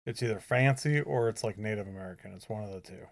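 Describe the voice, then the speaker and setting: A woman's voice: rumbling low, quick pace, vocal fry, a little mellow. A woman co-hosting a casual podcast, joking with wry, drawling asides. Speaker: podcast co-host.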